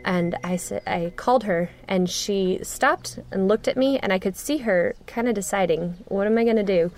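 A woman speaking as an interview guest, telling a personal story earnestly with frequent pauses and restarts. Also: medium pitch, faint music behind. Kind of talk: conversational storytelling.

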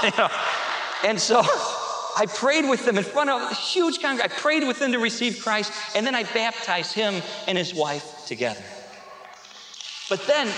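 A man preaching a sermon as a pastor, telling stories with animated energy and shouting at the peaks. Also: extremely high pitch, a little fast. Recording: echoey hall.

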